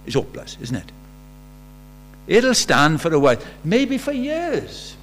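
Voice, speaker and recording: A man's voice: fairly high pitch, wildly swooping pitch, a little slow, fairly bright tone. Male preacher, conversational sermon. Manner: conversational, with rhetorical questions. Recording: faint mains hum.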